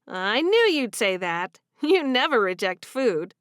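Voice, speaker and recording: A woman's voice: fairly high pitch, very animated, takes it slowly, smooth, no echo, studio quality. A woman voicing a sleepy, easygoing young Amish woman who teases her husband. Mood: cheerful.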